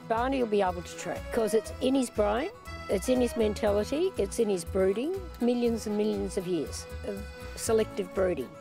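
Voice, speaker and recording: A woman's voice: medium pitch, normal speed, creaky. A woman, a dog trainer giving matter-of-fact, confident instructions outdoors. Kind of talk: casual instruction. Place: outdoors in a field. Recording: music playing underneath.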